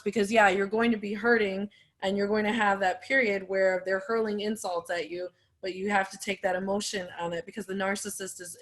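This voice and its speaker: A woman hosting a podcast who speaks in a measured way, pausing with fillers as she frames her points. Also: medium pitch. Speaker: podcast host and support group leader. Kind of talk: conversational interview talk.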